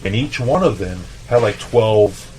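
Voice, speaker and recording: A man from El Paso, a chef, telling stories in a loose, profane, animated way on a podcast. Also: fairly low pitch, a little slow, over a noisy crowd, poor audio. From El Paso, Texas. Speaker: chef, interview guest. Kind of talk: casual storytelling.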